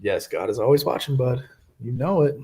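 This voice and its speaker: A man's voice: mid-range voice, brisk, darkish tone, husky. A man hosts a live online recovery meeting from his webcam. He chats casually and jokes around, laughing often as he talks. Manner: joking, chatty, laughs often. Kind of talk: casual livestream chat.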